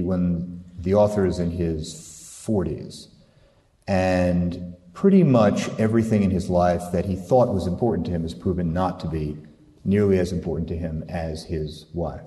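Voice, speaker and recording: A male author reading from his novel and explaining it in an interview, thoughtful and hesitant, pausing often. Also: sits low, mellow. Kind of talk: reading aloud and interview talk. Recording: echoey hall, voice from far off.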